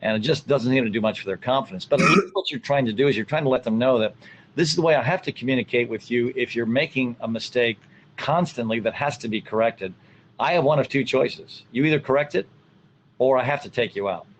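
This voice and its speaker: A man's voice: medium pitch, quick pace, rough recording. Reflective man explaining coaching, faint noise. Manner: reflective, many fillers, acts out what he tells players. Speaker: college soccer coach. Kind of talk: conversational interview answers.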